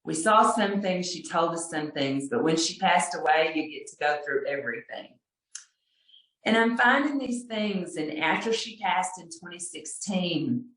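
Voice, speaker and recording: A middle-aged woman from Texas telling a personal story on a video call, unhurried and halting, with fillers and soft laughs. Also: low voice, far from the mic. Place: home room on a video call. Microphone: video call mic, set back. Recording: roomy echo, voice off-mic.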